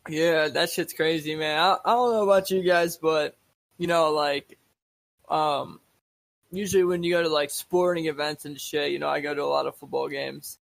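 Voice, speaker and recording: A man's voice: a little high, fairly even intonation, moderate pace, creaky, fairly bright tone, no room sound. A young man co-hosting a podcast in casual chat, laid-back and rambling, swearing freely. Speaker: podcast co-host.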